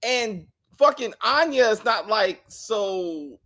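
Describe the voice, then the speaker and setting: Man, co-host, lively rising and falling voice, bright and sharp tone, blunt, casual chat, restarts a lot. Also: on the high side, fairly quick. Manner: animated, restarts and acts out characters; blunt, swears freely. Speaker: co-host reviewing a TV episode.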